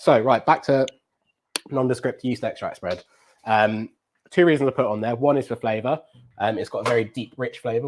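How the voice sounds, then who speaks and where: A man hosting a live cooking challenge, hurried and breathless, then chatty and full of ums as he explains his dishes. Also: fairly low pitch, darkish tone, slight background noise. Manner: flustered and breathless under time pressure, then chatty explaining with many ums.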